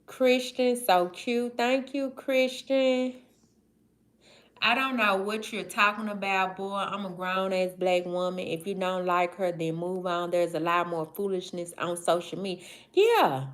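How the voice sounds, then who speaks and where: A woman's voice: medium pitch, level tone. A woman in her forties from the American South with a Mississippi Southern accent, hosting a casual livestream and greeting viewers by name. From Southern United States. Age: 40s. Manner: drawling, slow, affectionate, shout-outs to viewers. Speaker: livestream host. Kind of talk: casual livestream chat reading comments.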